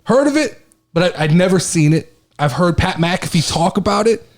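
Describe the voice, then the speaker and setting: Animated high-voiced man hosting a podcast. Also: normal speed. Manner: excitable, animated storytelling with swearing. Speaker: podcast co-host. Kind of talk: casual sports podcast chat.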